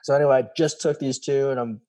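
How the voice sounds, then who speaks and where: A man's voice: medium pitch, steady tone, quick pace, warm tone. A man, a former special operations soldier, telling his personal story candidly in an interview, acting out the voices of people he quotes and swearing casually.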